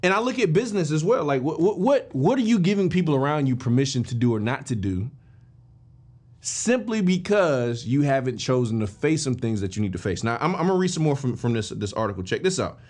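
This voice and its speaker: Lively, emphatic male podcast host. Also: medium pitch, a little fast. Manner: animated, addresses listeners directly and informally; emphatic with frequent restarts and fillers. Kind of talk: motivational storytelling talk.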